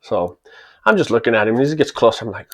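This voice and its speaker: Very animated and quick, with a medium pitch and fairly bright tone, a man in his forties shares a casual anecdote from his own life on his channel. He chats along, chuckling and playing the characters as he goes.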